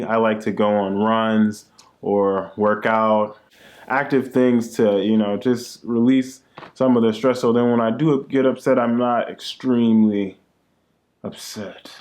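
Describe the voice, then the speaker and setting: A man's voice: on the low side, little pitch movement, unhurried, darkish tone. A young man co-hosting a casual chat with his wife, laid-back and joking, often tagging his lines with "man". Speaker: co-host, husband.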